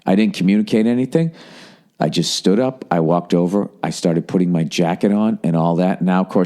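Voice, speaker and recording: In a low voice and at a slightly quick clip, a middle-aged male podcast host delivers a casual storytelling monologue. The tale is profane and meandering, peppered with lively impressions, and a cough keeps hanging on.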